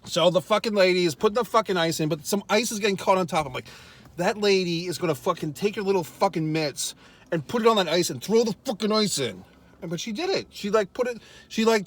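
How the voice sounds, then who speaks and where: A man telling a comic rant in a parked car, exasperated, swearing constantly and laughing at himself. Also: high voice. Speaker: vlogger. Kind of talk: profane comedic storytelling rant.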